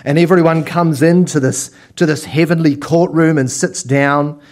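A man preaching a sermon as pastor, telling lively stories and acting out little scenes. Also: fairly high pitch, normal speed.

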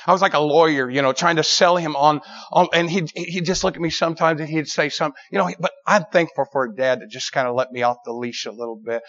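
Animated preacher man, dull recording. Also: a little high, fast talker, hardly any pauses. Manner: animated, emphatic, repeats words while building a story. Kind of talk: storytelling sermon.

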